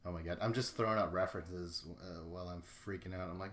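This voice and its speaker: A man's voice: sits low, steady tone, fast, fairly bright tone, slight background noise. Rambling, profane man podcasting solo. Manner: rambling, profane, laughs often, acts out imagined dialogue. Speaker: podcast host. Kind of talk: casual solo recap podcast.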